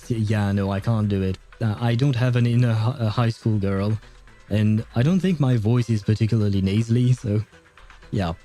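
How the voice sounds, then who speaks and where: Male streamer, dark mellow voice, casual gameplay chat, rambling, self-correcting. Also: on the low side, normal speed, faint music behind.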